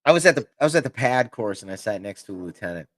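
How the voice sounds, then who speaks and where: A man's voice: on the low side, expressive, fast talker, no room sound, clean studio sound. A man hosting a podcast, a Navy veteran who tells wry anecdotes and acts out both sides of old arguments. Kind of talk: casual chat.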